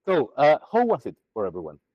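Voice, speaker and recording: A man's voice: on the high side, fast, breathy edge, dry recording, lo-fi sound. A man teaching a Buddhist practice to a group over a video call, chatty and full of restarts. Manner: lively, chatty, with many restarts.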